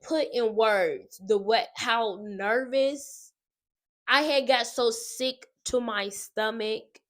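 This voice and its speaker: A woman telling viewers about her wedding in a casual testimony vlog. She talks straight to them in an animated way. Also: mid-range voice. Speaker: wedding advice vlogger.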